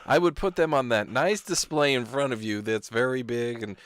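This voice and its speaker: A man co-hosting a casual podcast, easygoing and quick to agree and laugh along. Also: medium pitch, a bit bright, smooth, dry recording, clean studio sound. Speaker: podcast co-host.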